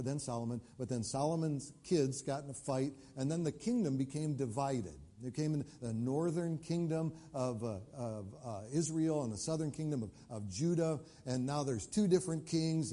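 Man preaching with a mellow voice. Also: mid-range voice. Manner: conversational preaching, rising to emphatic questions. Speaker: pastor. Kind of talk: sermon.

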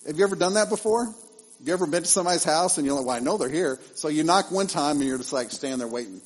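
A male pastor, preaching a sermon in a conversational way, with lively asides and repeated phrases. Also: fairly high pitch, fast talker, rough recording.

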